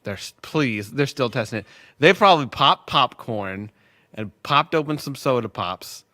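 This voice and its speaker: A man's voice: mid-range voice, lively intonation, moderate pace, sharp tone, no room sound, clean studio sound. A man rambling casually as host of a test livestream at work, joking and losing his train of thought. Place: workplace.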